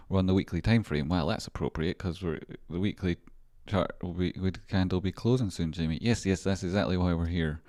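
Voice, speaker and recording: Scottish male host, low-pitched and dry-sounding, playful, self-talking, swears freely. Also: darkish tone, dry recording. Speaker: market analysis host. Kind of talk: casual rambling market commentary.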